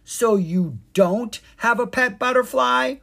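A storybook narrator voicing a curious, excitable young boy who talks eagerly and exclaims. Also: mid-range voice, normal speed, slightly rough. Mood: surprised. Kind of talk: storybook reading.

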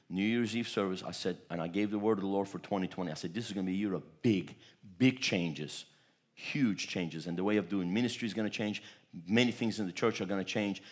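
A pastor from Turkey preaching a sermon, telling stories animatedly and often repeating words. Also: male voice, low-pitched. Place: church.

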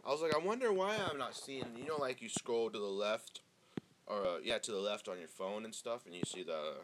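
A fairly low, fairly quick male voice comes through a close podcast microphone against background noise. The speaker, a young host from Northern California, runs a rambling, profane, laid-back solo monologue heavy on fillers.

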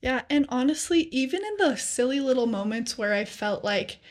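Young woman cohost, emotional and sincere, stretches words out, highish voice. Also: lively intonation. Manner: emotional, sincere, drawn-out emphasis. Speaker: podcast co-host. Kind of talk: casual faith chat.

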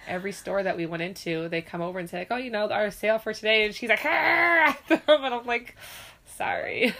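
A woman's voice: medium pitch, fairly quick, creaky, few pauses, fairly bright tone. A woman, a mother, chatting casually and candidly, swearing freely and acting out quoted lines. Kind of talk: casual chat.

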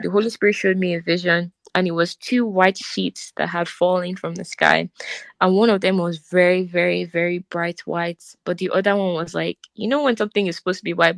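A woman's voice: on the low side, vocal fry, no room sound. A young woman co-hosting a podcast, telling her personal faith testimony in an earnest, emotional way, with "like" in nearly every sentence. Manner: earnest, emotional, says "like" often. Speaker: podcast co-host. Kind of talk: personal testimony, casual chat.

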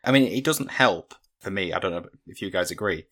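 Blunt low-voiced man. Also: animated, fairly quick, sharp tone. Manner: blunt, matter-of-fact opinions. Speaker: podcast co-host. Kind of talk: casual film podcast chat.

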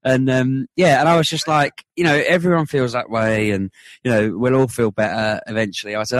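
A man co-hosting a podcast, telling an animated story in casual chat. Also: mid-range voice, fast talker, dry recording. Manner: animated, rising to excited retelling. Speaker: podcast co-host.

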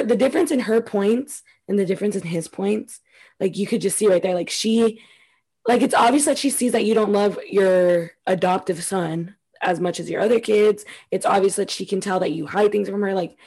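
Blunt, slangy woman with a husky voice. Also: mid-range voice, normal speed, darkish tone. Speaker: podcast co-host. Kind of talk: casual chat.

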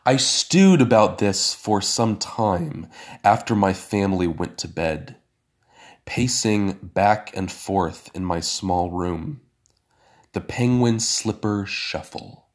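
A man's voice: deep voice, slow pace. A man narrating a first-person story with dry, sardonic asides.

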